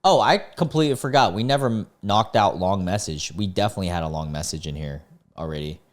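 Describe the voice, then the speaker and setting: A young man with a fairly low voice hosts a casual commentary, reading chat posts aloud. He reacts with incredulous, sarcastic remarks. He uses lots of ums and uhs along the way. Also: fast talker. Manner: incredulous, sarcastic reactions with frequent filler words. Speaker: host reading online posts.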